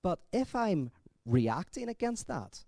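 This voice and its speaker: A man giving a conference talk in a conversational, thinking-aloud way, telling jokes with lively energy. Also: high-pitched, takes it slowly, vocal fry, dry recording. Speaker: conference speaker.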